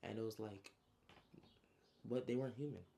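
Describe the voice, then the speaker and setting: A man's voice: lowish voice, moderate pace, creaky, dark tone. Slangy young man retelling his story. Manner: slang-heavy, adds spoken sound effects. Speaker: author recapping his story. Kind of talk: casual storytime recap.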